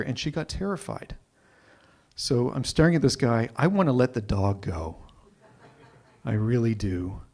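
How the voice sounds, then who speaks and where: Animated man telling a story. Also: mid-range voice, moderate pace. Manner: animated, repeats words when excited. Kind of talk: live personal storytelling.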